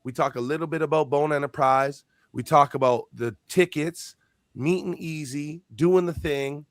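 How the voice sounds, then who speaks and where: A man's voice: a little high, normal speed, no echo, studio quality. A man hosting a live podcast, telling a story casually and swearing freely. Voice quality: profane, animated storyteller. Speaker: podcast host.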